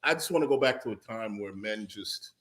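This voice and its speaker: A man's voice: lowish voice, expressive, a little fast. A man on a talk panel ranting in mock outrage, swearing freely and building long riffs. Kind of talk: casual chat.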